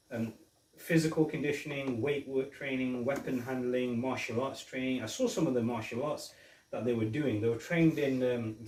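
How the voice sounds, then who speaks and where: A man's voice: medium pitch, a little mellow. A man hosting a casual film review podcast, retelling scenes in a rambling way with restarts. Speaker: podcast host. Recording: roomy, mic at a distance.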